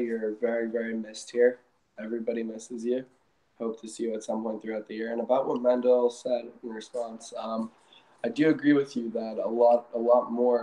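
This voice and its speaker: A man giving his view at length in a class discussion over a video call, steady as he explains his point. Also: fairly low pitch, rough recording. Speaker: class participant.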